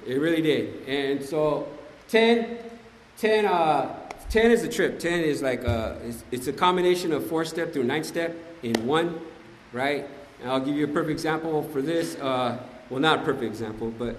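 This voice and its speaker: Long hall reverb and a little hiss or hum accompany a man giving personal recovery testimony to a group. Somewhat high-voiced, he tells it in animated slang, often turning to address the room.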